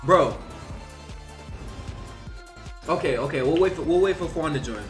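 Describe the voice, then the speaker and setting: A man's voice: a little high, fast, a little mellow, soft background music. A young man casually telling a long personal story, rambling with lots of fillers and swearing. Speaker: vlogger.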